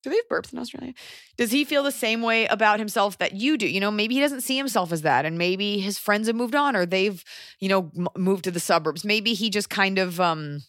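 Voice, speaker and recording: A woman co-hosting a podcast, giving casual advice in a rambling, animated way and swearing freely. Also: mid-range voice, brisk, dry recording, clean studio sound. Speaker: podcast co-host. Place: Los Angeles area.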